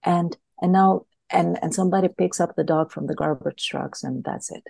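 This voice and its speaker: A woman's voice: lowish voice, fairly even intonation, normal speed, vocal fry, mellow, husky, dry recording. A woman, a guest in a podcast interview, earnestly explaining an idea through a story and often repeating words as she thinks. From Greece.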